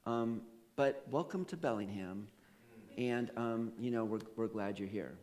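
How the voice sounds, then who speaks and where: A man's voice: on the low side, a little slow, darkish tone, big-room sound. A male pastor preaching a sermon, telling a story with laughs and quoted voices. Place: church sanctuary.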